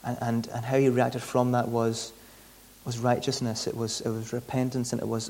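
A man's voice: medium pitch, little pitch movement, moderate pace, creaky, darkish tone. Male preacher, conversational delivery, frequent restarts and repeated words. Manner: conversational, often repeats words mid-sentence. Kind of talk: sermon.

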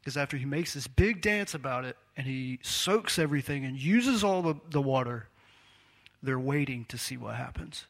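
A man's voice: medium pitch, expressive, moderate pace, fairly bright tone. A man preaching a sermon in a conversational, storytelling way, acting out the quotes he tells.

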